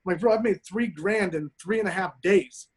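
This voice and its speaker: A man in his forties, a pro golfer telling profane, animated stories as a podcast guest. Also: high voice, fairly quick, slightly rough. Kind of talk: casual storytelling.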